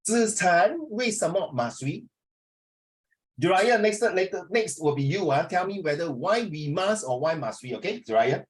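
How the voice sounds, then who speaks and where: A middle-aged man teaches over a video call, chatty and teasing with his students. His voice sits on the higher side and swings widely in pitch. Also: lively intonation, normal speed. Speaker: English tutor. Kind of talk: online class teaching.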